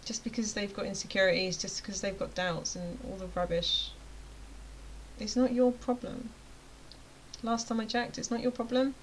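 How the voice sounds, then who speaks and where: A woman's voice: medium pitch, slight background noise, rough recording. A woman running a motivational rant to camera, chatty and emphatic, sometimes dropping to a near-whisper. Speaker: vlogger and web design coach.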